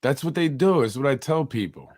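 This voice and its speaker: A man hosting a casual interview, chiming in with quick agreement and comments. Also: medium pitch, lively intonation, darkish tone.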